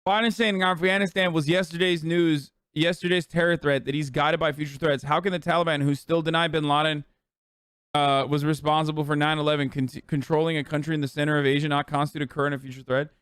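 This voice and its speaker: A man's voice: a little high, level tone, a bit bright, smooth, no room sound. A man streaming political commentary, swearing and sarcastic, ranting at speed. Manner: profane, sarcastic, fast rants.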